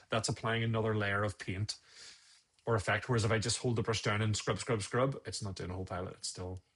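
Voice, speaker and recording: A man's voice: on the low side, fairly bright tone, breathy edge. A man casually talking viewers through a photo edit on a live stream, rambling and thinking aloud as he works.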